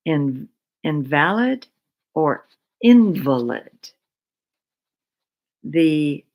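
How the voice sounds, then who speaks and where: A middle-aged woman giving a slow, reflective talk on mindful living, repeating words with long pauses. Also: sits low, poor audio.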